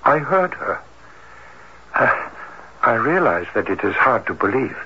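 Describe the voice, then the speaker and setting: A formal, hesitant heart doctor. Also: male voice, mid-range voice, very animated, measured pace, pushed and bright, exaggerated voice. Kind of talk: old-time radio drama acting. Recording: dull lo-fi radio broadcast with faint hiss.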